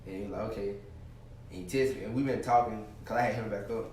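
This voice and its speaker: Young guy talking quick and slangy, lowish voice, echoey room, faint noise. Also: darkish tone. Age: 20s. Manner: fast, casual, slangy. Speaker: guest, YouTuber. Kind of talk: casual interview. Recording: echoey room, far from mic.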